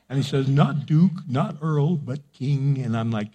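An older man preaching a sermon, lively and conversational, acting out little exchanges between people. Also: fairly high pitch, moderate pace, hardly any pauses, husky. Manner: animated preaching with acted-out dialogue. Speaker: pastor.

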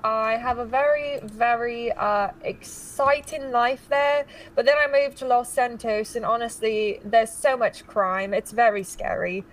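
A woman's voice: fairly high pitch, fairly even intonation, measured pace, hardly any pauses, recorded from a distance, a little hiss or hum, natural voice. A chatty young Londoner from a role-play game, put on by a woman in a loose British accent. She rambles, tells her story lightly, and sounds a little off-mic.

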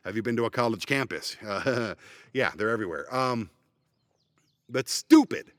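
A man's voice: mid-range voice, animated, normal speed, fairly bright tone, no room sound. Ranting man with a dry close sound. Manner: blunt, profane, sarcastic ranting. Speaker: podcast host. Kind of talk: ranting solo podcast. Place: parked van.

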